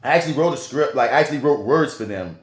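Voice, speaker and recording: A man co-hosting a casual podcast, telling loose, animated stories full of slang. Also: medium pitch, rapid-fire. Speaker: podcast co-host. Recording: roomy echo.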